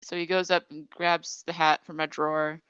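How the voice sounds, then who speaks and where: A woman's voice: low voice, little pitch movement, normal speed, a bit bright, clear, resonant tone, dry recording, dull audio. A woman podcast host in casual chat, recapping an episode in a rambling storytelling way with lots of fillers. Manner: chatty storytelling with many fillers.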